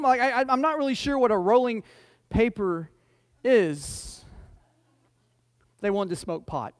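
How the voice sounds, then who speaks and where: A man's voice: very high voice, expressive, moderate pace, a bit bright, no room sound, clean studio sound. A male pastor preaching a conversational sermon in church. He jokes, tells stories, trips over and repeats his words, and builds to emphatic points. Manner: folksy and joking, restarts and repeats words, rising to emphatic points. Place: church sanctuary.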